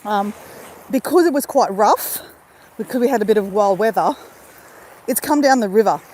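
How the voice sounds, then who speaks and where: Strolling outdoors on a beach, this Australian YouTuber live-streams a casual, laughing chat aimed directly at her viewers, her phone held out at arm's length. She has a mid-range, animated voice with a darkish tone and a moderate pace. The audio is poor, with slight background noise.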